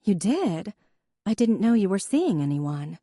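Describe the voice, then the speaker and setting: Woman voicing a wry, warm younger sister. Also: mid-range voice, big pitch swings, a little slow, no echo, studio quality, pitched above the performer's own voice.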